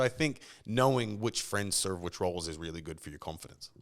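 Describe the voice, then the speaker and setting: A man's voice: sits low, brisk. An Australian man talking as a podcast guest in casual chat, telling stories animatedly and acting out other people's lines. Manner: animated storyteller who acts out quoted voices.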